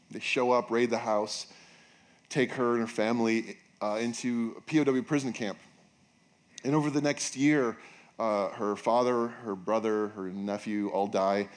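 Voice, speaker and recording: A male pastor preaching a sermon in a casual, joking way, acting out quotes with bursts of excitement. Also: mid-range voice. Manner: animated, jokey, acts out quotes in raised voice. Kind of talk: sermon with storytelling.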